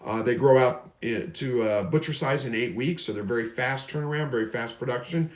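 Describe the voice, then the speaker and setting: A man's voice: mid-range voice, a little fast. A man from Missouri hosting a casual live stream, reading viewer questions aloud and answering in a rambling, folksy way. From Missouri, USA. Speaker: livestream host. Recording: roomy echo.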